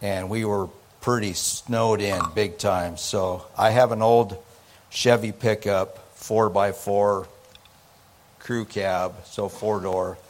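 A preacher reading scripture and telling a personal story, acting out the dialogue. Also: male voice, fairly low pitch, slow, a little hiss or hum. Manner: animated, acts out the dialogue in his story. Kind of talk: sermon storytelling.

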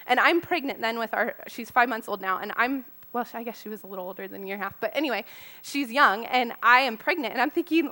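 A woman's voice: on the high side, moderate pace, bright, forceful tone. A woman in her thirties giving an earnest, personal sermon to mothers, talking casually and laughing often. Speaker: speaker to mothers. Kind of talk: conversational sermon.

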